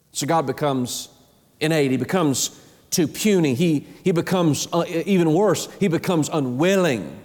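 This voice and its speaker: A man preaching a sermon in an emphatic, repetitive way, his pitch climbing high and falling low. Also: expressive, unhurried, a little mellow, big-room sound. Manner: emphatic, repeats words, rises and drops sharply in pitch.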